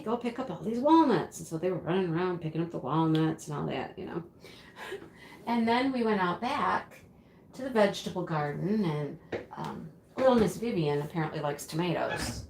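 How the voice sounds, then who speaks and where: A woman's voice: fairly low pitch, normal speed, creaky, darkish tone, slight background noise. A middle-aged woman hosting a casual livestream, telling a story with frequent laughs and fillers. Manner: chatty, laughs often, many fillers. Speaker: craft channel host. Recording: echoey room.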